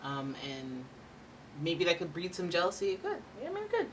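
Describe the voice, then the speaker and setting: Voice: mid-range voice, huge pitch swings, brisk, fairly bright tone, distant mic, slight background noise. A tarot reader giving a casual, rambling reading with playful asides.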